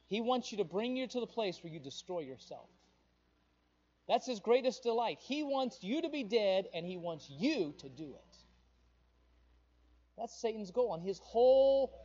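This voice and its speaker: A male pastor preaching a sermon with passion, his voice surging louder on the emphatic points. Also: sits high, slightly rough, highs cut off.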